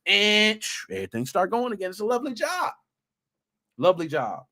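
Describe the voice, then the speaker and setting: A man in his thirties holds forth on his podcast, his voice sitting a little higher than most men's. He talks in loose, slangy bursts and jumps into little acted-out voices whenever he quotes someone. It sounds like an unscripted solo chat with listeners. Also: fast talker. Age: 30s. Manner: animated storytelling, slangy, acts out quotes. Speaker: podcast host. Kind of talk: casual solo podcast talk.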